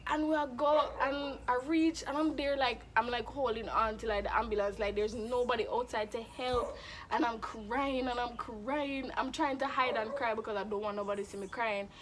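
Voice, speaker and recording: A young woman telling a storytime in a casual, animated, dramatic way. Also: on the high side, normal speed, a little hiss or hum. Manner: animated, dramatic, acts out quoted voices. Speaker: vlogger.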